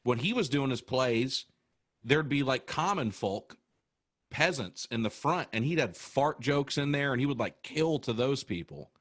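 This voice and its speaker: An American man, a comedian, chatting casually on a podcast and explaining things with animated storytelling. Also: medium pitch, measured pace, no echo, clean studio sound. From United States. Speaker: comedian guest.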